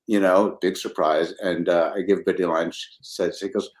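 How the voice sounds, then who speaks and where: A man's voice: low voice, fairly quick, hardly any pauses. An older man from New Jersey, a comedy writer, telling stories in casual chat and acting out the people he quotes. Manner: animated storyteller acting out quoted voices, chuckling often.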